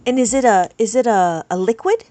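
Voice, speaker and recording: A woman's voice: on the high side, a little fast, dark tone, dry recording. A woman teaching abacus on a live stream, chatting with viewers and reading their comments aloud.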